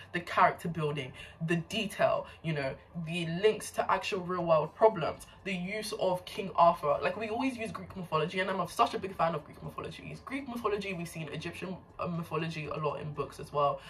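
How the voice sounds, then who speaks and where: A woman chats excitedly on her vlog, piling up praise and repeating herself when she gets carried away. Her voice sits fairly low, and she sounds a little distant from the microphone. Faint noise hums underneath. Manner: enthusiastic, gushing. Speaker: book vlogger. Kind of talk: casual chat.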